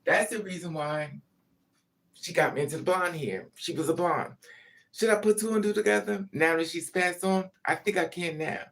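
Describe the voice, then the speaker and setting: This man's voice sits high and sounds creaky and a bit bright, at a moderate pace. As a vlogger, he delivers a frank monologue about his family to camera, blunt and cursing, with frequent tangents.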